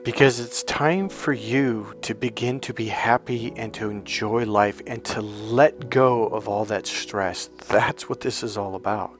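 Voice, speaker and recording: A man coaching online, retelling a story in a blunt, animated, casual way with frequent fillers and swearing. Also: lowish voice, unhurried, hardly any pauses, faint music behind.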